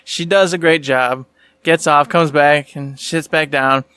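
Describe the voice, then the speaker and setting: A man's voice: on the high side, fairly even intonation, unhurried, bright, forceful tone, clear, resonant tone, dry recording. A middle-aged man co-hosting a podcast, telling an easygoing, jokey story in casual chat. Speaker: podcast co-host.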